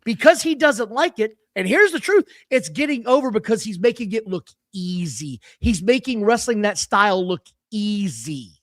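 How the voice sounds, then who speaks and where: A man co-hosts a wrestling podcast and talks in a fired-up, opinionated way. His voice sits high and swoops around a lot. The sound is dry and close to the mic. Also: moderate pace, few pauses, no room sound. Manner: animated, opinionated ranting. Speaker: podcast co-host. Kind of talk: casual chat.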